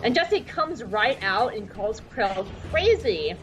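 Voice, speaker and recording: A woman podcast host giving a chatty, irreverent recap of an animated show. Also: a little high, takes it slowly, faint music behind, low-quality recording. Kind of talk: casual recap.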